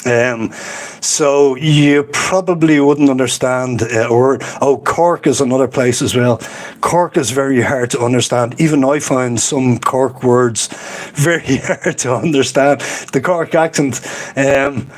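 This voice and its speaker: An Irish man hosting a relaxed livestream, talking loosely and rambling from one point to the next. He chats easily with his viewers and laughs often. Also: medium pitch, a little slow. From Ireland. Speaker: livestream host. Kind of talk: casual livestream chat, reading comments.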